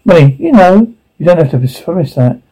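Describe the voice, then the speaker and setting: Doubtful, gravelly partner. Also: male voice, a little high, big pitch swings, normal speed, warm tone, exaggerated voice, poor audio. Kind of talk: film acting.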